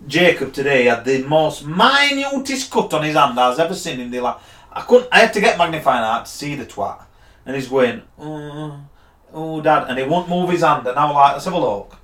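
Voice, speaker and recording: A man rants in a blunt, heated way and swears freely as he talks. His voice sits a bit high for a man. The room around him is echoey and reflective. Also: fairly bright tone. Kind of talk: ranting casual chat.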